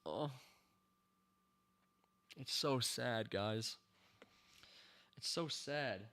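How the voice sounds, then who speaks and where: A man's voice: mid-range voice, very slow, sharp tone. A man reviewing a TV show in a ranting commentary, exasperated, sighing and laughing in disbelief.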